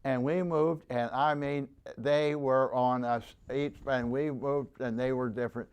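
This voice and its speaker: A man's voice: mid-range voice, fairly even intonation, darkish tone, clean tone. Veteran in his nineties, interviewee: rambling, stop-start storyteller who acts out the people he quotes. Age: 90s. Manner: halting, rambling delivery with many restarts. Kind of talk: oral history storytelling.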